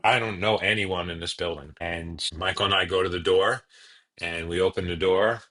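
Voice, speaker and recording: A man telling his personal story as a podcast guest, earnest and halting, with frequent restarts. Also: low voice, steady tone, pushed and bright.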